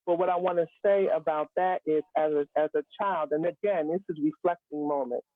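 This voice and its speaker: Speaking a little fast in a low, steady voice, a woman appears as a guest on a live stream to recount a story from her own life. She stresses her points earnestly and slips in jokes along the way; the sound is tinny, phone-like, with no echo.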